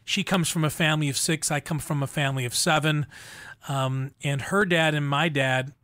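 Middle-aged male host, earnest heartfelt storyteller, slightly higher voice, dry studio. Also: steady tone, moderate pace, a bit bright, no echo. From Buffalo, New York. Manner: earnest, heartfelt, repeats words when moved. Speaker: show host. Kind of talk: conversational radio interview.

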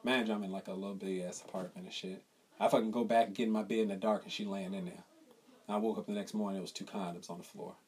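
A young man co-hosting a podcast, telling a profane, animated story in casual chat and acting out the people in it. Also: fairly low pitch, quick pace, slightly rough. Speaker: podcast co-host.

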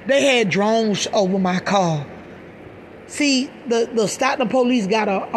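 Speaking out on video, this middle-aged mom delivers an agitated personal rant, emphatic, repetitive, and full of swearing. Her slightly high voice has vocal fry, and there's slight background noise.

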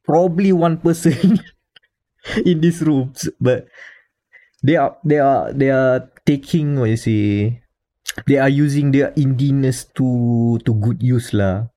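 A man's voice: mid-range voice, slow pace, warm tone. A man with a Malaysian English accent, co-hosting a casual podcast panel and talking at length with restarts and small chuckles. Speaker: podcast co-host.

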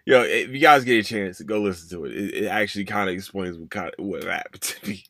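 A man's voice: low-pitched, quick pace, gravelly, a bit bright, no room sound. Young guy rambling thru a story on his podcast, swears then says sorry, dead dry mic. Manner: rambling, curses and apologizes, voices his own past thoughts. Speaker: podcast host. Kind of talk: casual storytelling.

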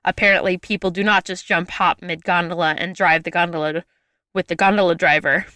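A young woman telling a travel story in a casual chat, lively and full of "like" fillers. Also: on the low side, a little fast, no room sound, clean studio sound. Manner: lively, chatty, frequent "like" fillers.

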